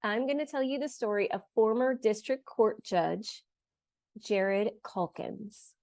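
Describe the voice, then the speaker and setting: A woman's voice: a little high, measured pace, darkish tone, no room sound. Woman podcast co-host, dry close sound. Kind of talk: casual chat and story telling.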